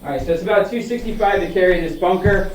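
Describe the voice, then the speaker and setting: A fast-talking man with a high voice live-streams a golf simulator session, muttering to himself and cursing bluntly as he cheers on each shot. Soft background music plays, and the distant mic picks up the echo of the indoor bay.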